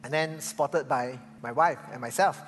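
An older man, a pastor, preaching a sermon and telling stories, swinging from loud to hushed. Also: mid-range voice, moderate pace, slight background noise. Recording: reverberant church hall with faint music.

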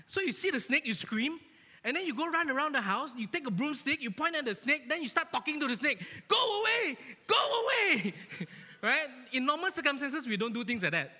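A man giving a lively, joking sermon to a church, animated and often asking his listeners "right?", in an echoey church hall. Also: very high voice. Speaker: church speaker.

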